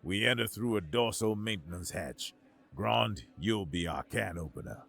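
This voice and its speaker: A quiet, commanding human tactician, as a male narrator plays him in a sci-fi audio story. The voice sits fairly low and delivers firm orders in a measured, even manner. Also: vocal fry, heavily acted. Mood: calm.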